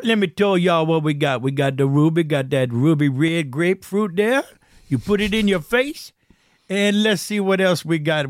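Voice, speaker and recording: Man plays a jolly old firefly: folksy, whooping, pitched high, dry booth sound. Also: no echo. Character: cheerful old male Cajun firefly.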